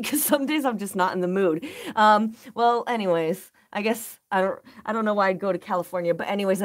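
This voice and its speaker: A woman hosting a casual game live stream, upbeat and easygoing, greeting viewers by name and chatting between moves. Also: on the high side. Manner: laid-back slang like "rock on" and "baby".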